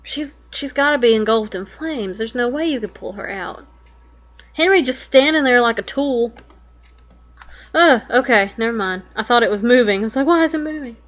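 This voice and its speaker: Young woman, slightly high voice, reads a web story aloud and reacts with casual swearing and sudden alarm. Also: normal speed. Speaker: web fiction reader reacting.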